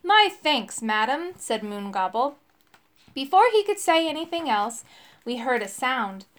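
A woman narrating a children's fantasy book in the first person, with expressive reading. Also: on the high side, unhurried. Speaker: audiobook narrator. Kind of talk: storybook narration.

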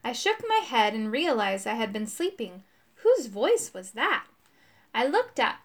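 A woman narrating a children's chapter book aloud, expressive and voicing the characters. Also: fairly high pitch, measured pace. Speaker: audiobook narrator. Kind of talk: children's audiobook reading.

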